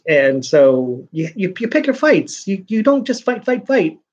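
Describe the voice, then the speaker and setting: A man's voice: high-pitched, big pitch swings, a little slow. Guy venting in a rambly vlog, keeps repeating himself, kinda muffled lo-fi audio. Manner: frustrated venting, repeats words. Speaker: vlogger.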